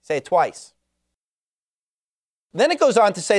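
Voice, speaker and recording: A man gives an expository Bible teaching in a slightly higher-than-usual voice. He reads scripture passages aloud and explains them step by step in an explanatory manner. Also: sing-song, unhurried. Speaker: preacher.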